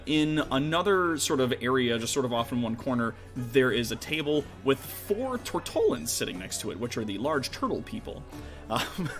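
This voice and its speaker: A man's voice: mid-range voice, a bit bright. A man runs a tabletop game in a casual, meandering way, stopping often on fillers. His voice swings up and down with animation. Faint music plays behind him. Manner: casual and rambling, full of fillers. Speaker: game master.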